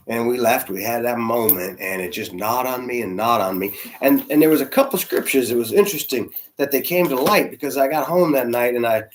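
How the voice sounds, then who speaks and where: A man's voice: mid-range voice, a little hiss or hum. Man preaching through a personal story. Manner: conversational, animated storytelling with soft hushed asides. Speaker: senior spiritual leader. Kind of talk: storytelling sermon.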